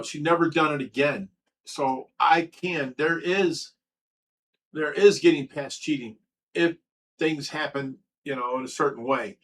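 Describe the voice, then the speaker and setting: Reading his chat aloud on a casual livestream, an Ohio man with a medium-pitched, fairly bright voice responds to viewers in an earnest, emotional way. The audio quality is poor.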